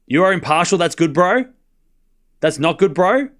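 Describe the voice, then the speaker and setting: A man with a high voice calls a tennis match live for his stream. He is up late at night, trades quick banter with his viewers and rattles off each score as it comes. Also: animated, fairly bright tone. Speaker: livestream tennis commentator. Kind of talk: casual play-by-play commentary and chat replies.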